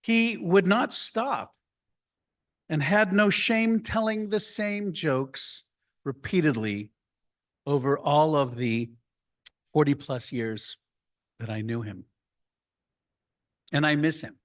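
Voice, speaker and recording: A man, a rabbi, giving a slow, deliberate report and story to his congregation at an annual meeting. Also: a little high, animated. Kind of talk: congregational address. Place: room filled with people.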